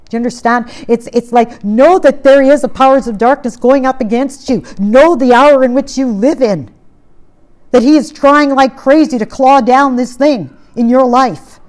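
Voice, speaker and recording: A woman preaching a sermon with impassioned, emphatic exhortation, swinging from loud declarations to hushed low asides. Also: moderate pace.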